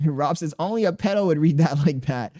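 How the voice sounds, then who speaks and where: A man's voice: fairly high pitch, a little fast. A man live streaming, reading his chat aloud and bantering back in profane, slangy talk. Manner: slangy and animated.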